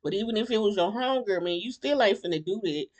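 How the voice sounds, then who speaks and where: A woman vlogger giving a casual, blunt commentary on a reality show, rambling and animated with slang and many restarts. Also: mid-range voice, fast talker. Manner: blunt, fired-up opinions.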